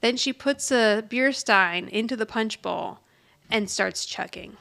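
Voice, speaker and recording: A woman's voice: medium pitch, unhurried, gravelly. A woman co-hosting a podcast, casually recapping a TV episode and acting out the characters' lines with laughter. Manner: animated retelling, acting out quotes with laughs. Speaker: podcast co-host.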